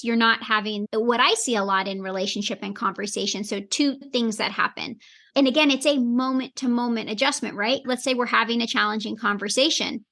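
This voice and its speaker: A woman's voice: fairly high pitch, fairly bright tone. A woman health coach, a podcast guest, explaining earnestly and acting out bits of inner dialogue. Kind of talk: podcast interview answer.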